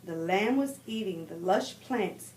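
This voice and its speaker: A woman, a guest reader, reading a children's picture book aloud with expressive storytelling. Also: mid-range voice, unhurried, slight background noise.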